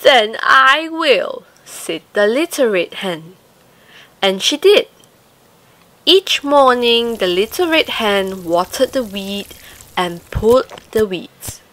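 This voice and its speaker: A woman reading a children's picture book aloud, slow, sing-song and expressive. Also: medium pitch, no echo. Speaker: storyteller.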